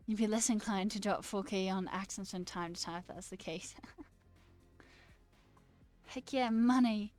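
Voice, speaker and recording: A woman's voice: mid-range voice, steady tone, measured pace, long pauses, a little mellow, soft background music. A woman streaming casually, reading her chat aloud and chatting back, laughing often. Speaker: livestreamer and new software engineer.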